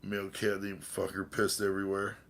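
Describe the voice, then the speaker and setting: A low, creaky, fairly bright male voice with a level tone and normal speed. He's a livestream host, a little drunk, rambling profanely to his chat and to his cats.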